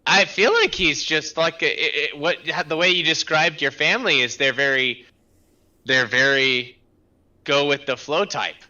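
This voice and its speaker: A man chatting casually at a tabletop game, playful and rambling. His voice is very bright and smooth. It comes through dull and lo-fi. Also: fairly high pitch, measured pace. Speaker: player. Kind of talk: casual chat. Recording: dull lo-fi audio.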